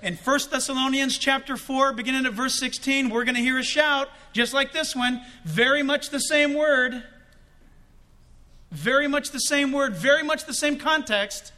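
A man preaching a sermon in an animated way, breaking into shouts for emphasis and joking as he goes. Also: very high-pitched, a little slow. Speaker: pastor.

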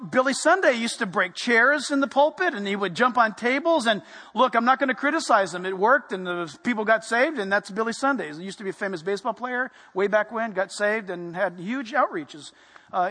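A man preaching a sermon, animated and playful, dropping to a hush for emphasis. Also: very high voice, long reverb tail. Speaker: pastor.

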